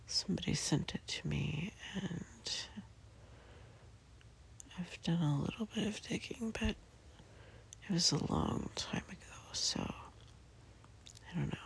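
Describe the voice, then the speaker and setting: A sleepy person just woken up, speaking in a soft, hesitant whisper from bed. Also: mid-range voice, slow pace, gravelly, long pauses, rough recording. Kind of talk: whispered casual monologue. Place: in bed, indoors.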